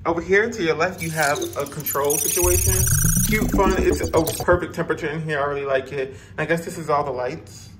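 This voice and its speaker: A man's voice: fairly high pitch, fairly quick, heavy background noise. A man giving a casual, gushing vlog tour of a hotel room, chatting to viewers and exclaiming over every detail. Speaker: travel vlogger.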